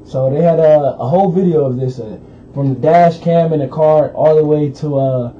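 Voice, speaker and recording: Chatting about current events, a man co-hosting a radio show rambles through a news story full of fillers. He has a fairly high pitch at normal speed, and the dull lo-fi radio audio carries a faint hiss.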